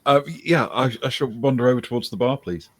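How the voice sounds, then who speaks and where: A man's voice: medium pitch, brisk, fairly bright tone, no room sound. A man playing in a tabletop game, narrating his character's actions with jokes. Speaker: player. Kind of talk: tabletop role-play chat.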